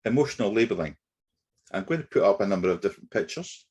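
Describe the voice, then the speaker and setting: A man leads a negotiation training webinar, speaking in a low, slightly husky voice. He explains concepts steadily and methodically, with the odd filler as he goes. It sounds like a computer mic on a video call. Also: animated, a little mellow. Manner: measured explanatory delivery with occasional fillers. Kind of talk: webinar lecture.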